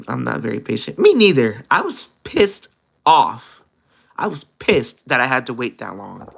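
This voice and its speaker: A young man livestreaming, telling a story in casual chat, animated and exasperated, with his pitch jumping up often. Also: gravelly. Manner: animated, exasperated retelling with quick pitch jumps. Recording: dull lo-fi stream audio.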